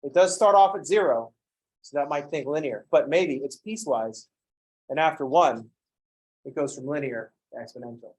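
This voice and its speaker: A man's voice: on the high side, moderate pace, husky. A man teaching a college math class in a classroom, lecturing with wry jokes and playful asides.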